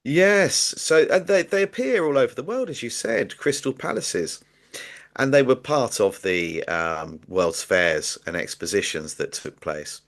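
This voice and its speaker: A man's voice: medium pitch, big pitch swings, unhurried. A man, a guest author in an interview, explaining his ideas casually with hesitant repeated words.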